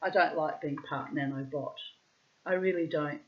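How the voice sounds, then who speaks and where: A woman's voice: normal speed, dull audio. Cheeky giggling woman in her fifties. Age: 50s. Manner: laughs often, bursts into squealing high exclamations; cheeky and self-mocking, swears freely. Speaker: vlogger. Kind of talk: rambling casual monologue.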